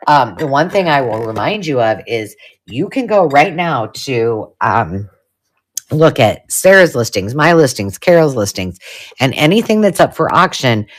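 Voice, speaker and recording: This middle-aged woman hosts a live unboxing of vintage paper for her craft channel. Her voice is lively, swooping high and low as she gushes over each find. She drifts between chatty excitement and hushed, awed murmurs. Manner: excitable, gushing, drops to hushed whispers. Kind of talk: casual live unboxing chat.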